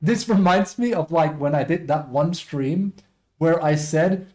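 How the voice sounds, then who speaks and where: A man's voice: fairly high pitch, a little slow, darkish tone, soft background music. A man streaming live and chatting casually with viewers, rambling and self-deprecating as he reads chat aloud.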